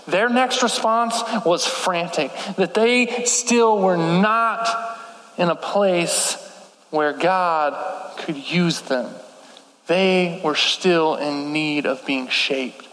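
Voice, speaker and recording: A man's voice: high-pitched, extremely slow, fairly bright tone. A man preaching a sermon in a casual, slangy way, often saying "like". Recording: echoey hall with long reverb.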